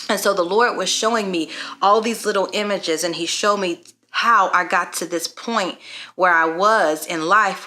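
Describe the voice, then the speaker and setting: A woman, a mother, telling a personal faith story to camera in an earnest, reflective way, pausing often with "um". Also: on the low side, pushed and bright. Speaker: parenting vlogger. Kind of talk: personal testimony vlog.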